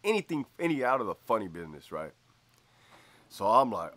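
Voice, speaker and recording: A man's voice: fairly low pitch, big pitch swings, fairly quick, long pauses, fairly bright tone. A man who used to be a prison officer telling a story casually, slangy and profane, laughing often.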